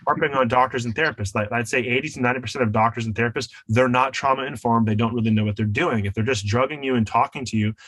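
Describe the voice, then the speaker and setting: A man's voice: mid-range voice, steady tone, quick pace, few pauses, a bit bright, no room sound, low-quality recording. A man, a wellness coach and author, speaking as a podcast guest in an emphatic, teacherly way. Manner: emphatic, teacherly, acts out voices in his examples.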